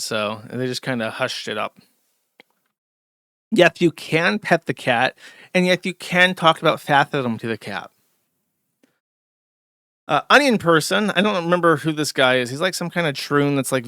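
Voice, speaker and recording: A man's voice: medium pitch, pushed and bright, clear, resonant tone, no echo, clean studio sound. A man hosting a live stream, ranting in a sarcastic, rambling way with many fillers and short laughs. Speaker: streamer host. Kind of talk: casual ranting commentary.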